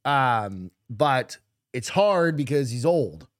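A man's voice: mid-range voice, sing-song, slow, no room sound, clean studio sound. A middle-aged man co-hosting a podcast, joking around in casual chat and swearing a lot. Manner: crude, joking, profane. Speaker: podcast co-host.

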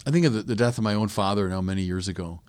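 A man preaching a sermon, swinging from quiet reflection to loud emphatic peaks. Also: lowish voice, rapid-fire, no echo. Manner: reflective, with small restarts and hesitations. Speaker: priest preaching.

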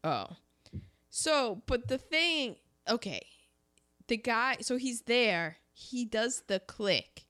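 Lively, animated woman chatting casually. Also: fairly high pitch, slow. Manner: animated, acts out lines from the film, laughs often. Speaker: co-host discussing a war film. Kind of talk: casual chat.

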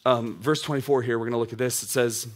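A man in his thirties preaching a sermon to young adults, conversational and animated, with casual asides. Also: mid-range voice, fast talker.

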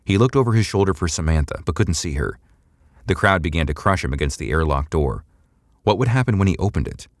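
A man narrating a sci-fi audiobook in a steady, measured storytelling voice, close to a studio mic. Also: sits low, no room sound.

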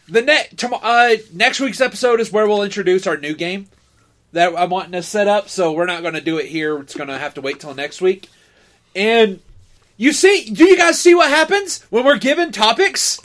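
An excitable man hosting a casual comedy podcast, crude and quick to swear. His voice sits high for a man and swings animatedly up and down. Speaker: podcast host. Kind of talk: casual chat.

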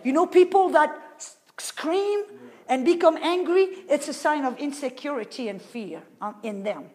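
High-voiced woman preaching a sermon. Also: animated, moderate pace. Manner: emphatic, asks the audience rhetorical questions; swings between loud and very soft.

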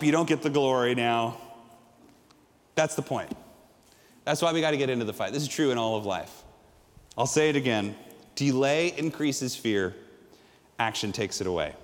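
A middle-aged male pastor preaching a sermon, telling stories with energy and swinging from loud to hushed. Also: on the high side, in a large hall.

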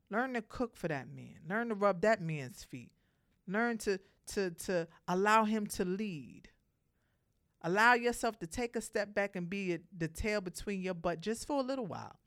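Woman, low-pitched, direct motivational talker with animated storytelling. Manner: addresses listeners directly. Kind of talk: motivational monologue to women.

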